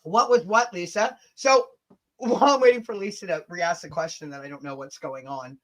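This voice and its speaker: A woman co-hosting a casual livestream chat, loud and profane, teasing and laughing often. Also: on the low side, normal speed. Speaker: livestream co-host.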